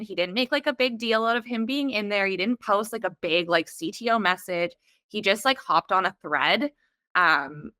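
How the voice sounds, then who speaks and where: A woman's voice: mid-range voice, sharp tone, no echo, clean studio sound. A woman hosting an interview, chatting in an easy conversational way and laughing easily. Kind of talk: casual interview chat.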